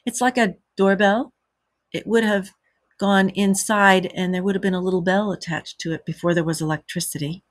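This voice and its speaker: A woman's voice: mid-range voice, fairly even intonation, normal speed, dry recording. A woman teacher reading a story aloud to children and patiently explaining words.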